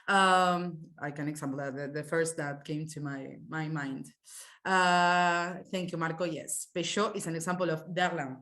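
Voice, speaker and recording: Woman teacher explaining slang in a webinar, chill and a bit halting, echoey room. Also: lowish voice. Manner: relaxed, explanatory, hesitant with fillers. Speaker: language teacher. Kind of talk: live online class.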